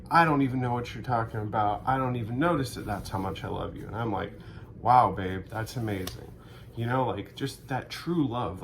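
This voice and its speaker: A man in a rambling, deadpan comedic monologue, sarcastic and profane, acting out both sides of made-up conversations. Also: fairly low pitch, a little hiss or hum. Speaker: vlogger.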